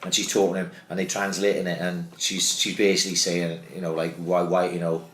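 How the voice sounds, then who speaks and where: A man's voice: deep voice, level tone, fast, a bit bright. A man telling a story in casual podcast chat, swearing freely. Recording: echoey room.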